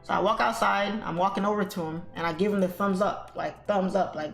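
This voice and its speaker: On a trading livestream, a woman casually chats with viewers, addressing them as "y'all" and "guys" while she relates a story. Her low-leaning voice has vocal fry and a steady tone, and she speaks fairly quickly with few pauses. Faint music plays in an echoey room.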